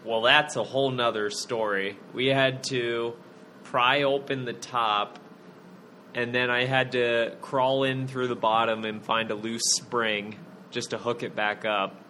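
A man's voice: medium pitch, flat delivery, a little slow, sharp tone, slight background noise. Blunt, opinionated man on a podcast. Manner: blunt, opinionated, laughs often. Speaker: podcast co-host. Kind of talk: casual podcast chat.

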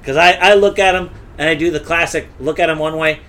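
A man's voice: fairly high pitch, fairly even intonation, fairly quick, a bit bright, a little hiss or hum. A man playing a tabletop game, chatting casually in a rambling, hesitant way. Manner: rambling, hesitant, laughs a lot. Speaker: player.

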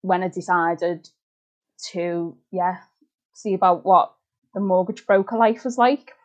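A woman's voice: on the low side, unhurried. A woman with a Liverpool accent, a podcast guest talking casually, who giggles often and hesitates with fillers. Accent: Liverpool (Scouse). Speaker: podcast guest, mortgage advisor. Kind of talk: casual interview chat.

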